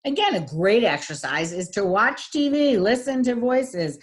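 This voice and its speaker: A woman teaching an online lesson on voice qualities, chatty with many fillers, demonstrating each quality with deliberate exaggeration. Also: on the high side, lively intonation. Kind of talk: online lecture.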